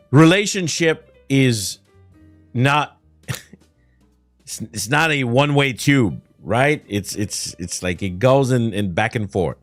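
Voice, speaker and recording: On a dry recording, a mid-range-voiced streamer from Quebec, whose first language is French, rants and complains in a casual livestream chat. His Quebec French accent is clear, and he laughs and swears often.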